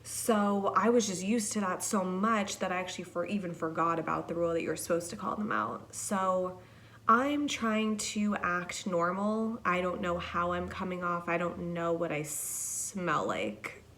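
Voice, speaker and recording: A woman's voice: lowish voice, measured pace, a bit bright. A young woman hosting a podcast, telling a rambling, profane, self-deprecating story in a casual monologue. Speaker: podcast host.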